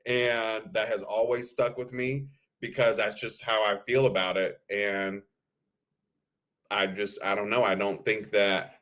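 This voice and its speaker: A man's voice: on the low side, little pitch movement, a little slow, fairly bright tone. A man co-hosting a podcast in casual chat, speaking frankly and bluntly with a few laughs. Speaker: podcast co-host.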